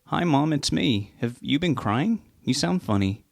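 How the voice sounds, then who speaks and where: A man's voice: fairly high pitch, expressive, unhurried, vocal fry, no room sound, clean studio sound, pitched above the performer's own voice. A man doing an exasperated grown son. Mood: wary. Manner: exasperated, sharp. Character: irritated, impatient adult son.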